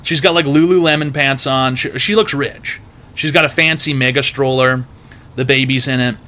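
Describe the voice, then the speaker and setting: A man tells stories in a loose, rambling way, with plenty of swearing and filler words. His voice has a bright, forceful edge at a middle pitch. He sounds like a stream host chatting casually. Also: steady tone, normal speed. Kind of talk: casual storytelling.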